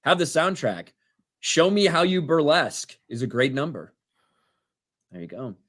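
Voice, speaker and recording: A man's voice: fairly high pitch, big pitch swings, unhurried, a bit bright. A man in his thirties co-hosting a casual livestream, reading out viewer donations and laughing along. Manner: reads names and messages, laughs often.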